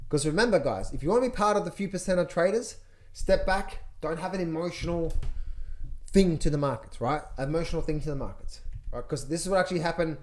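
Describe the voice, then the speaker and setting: A man coaching traders through charts, talking to viewers with energy and lots of repetition, sometimes mimicking panicked traders. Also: on the high side. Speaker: trading coach. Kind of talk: chart walkthrough, direct to viewers.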